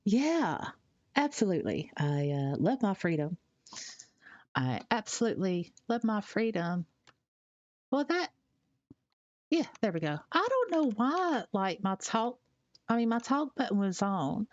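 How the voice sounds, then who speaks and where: A woman from Tennessee, chatting casually on a live stream, rambling and halting with fillers as she reads out chat messages. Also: mid-range voice, very animated, no echo, highs cut off. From Tennessee, USA.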